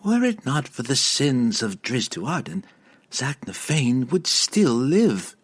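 A man voicing a cruel, vengeful dark elf priestess, cackling and snarling in slow, accusing lines, in an audiobook. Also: medium pitch, huge pitch swings, husky, voice pushed up, heavily acted. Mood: gloating. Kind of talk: audiobook character voice.

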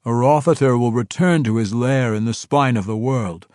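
A man voicing a formal male dark elf noble who announces news in a measured way. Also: medium pitch, dry recording, studio quality, natural voice.

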